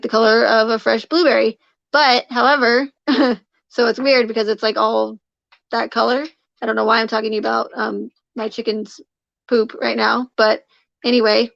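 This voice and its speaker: A woman's voice: on the high side, vocal fry, no echo, highs cut off. A woman live streaming, chatting casually with her viewers, rambling with lots of fillers and restarts and greeting people in the chat by name.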